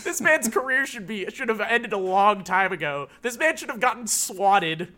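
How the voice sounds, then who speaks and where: A high-voiced man chatting on a podcast. He rambles and restarts, leaning heavily on filler words and swearing casually. His tone is bright and sharp. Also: animated, moderate pace. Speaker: podcast co-host. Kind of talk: casual chat.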